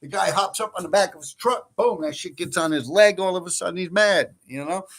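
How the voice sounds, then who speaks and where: High-voiced and fairly quick, a livestream host from New York City rambles through casual stories, swearing freely and laughing a lot.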